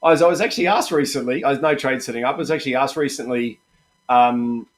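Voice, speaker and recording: A middle-aged man with an Australian accent leads a live trading-room stream in a relaxed, chatty way. He keeps encouraging his viewers and calls them mate and guys. His voice sits at an average pitch for a man. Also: quick pace.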